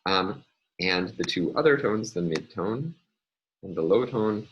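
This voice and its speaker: A male linguistics lecturer explaining step by step in a measured, recorded lecture, with frequent filler words. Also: low-pitched, lively intonation, dull audio, slight background noise.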